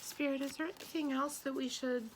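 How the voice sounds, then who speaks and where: A woman's voice: high voice, steady tone, a little fast, slight background noise. A woman doing a tarot and spirit reading for an audience, talking bluntly and with emphasis, swearing now and then. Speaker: tarot reader.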